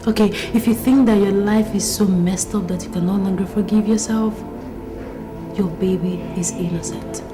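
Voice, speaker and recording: An actress playing a caring woman who soothes and firmly encourages her friend, in film audio under loud music. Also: medium pitch, fairly even intonation, moderate pace, roomy sound, lightly acted. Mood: firm encouraging. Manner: soothing, then firm and encouraging.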